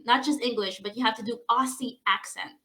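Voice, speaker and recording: A woman's voice: fairly high pitch, steady tone, fairly quick, bright, forceful tone. A woman hosting an interview in a casual chat, upbeat and playful as she sets up a game. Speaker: host.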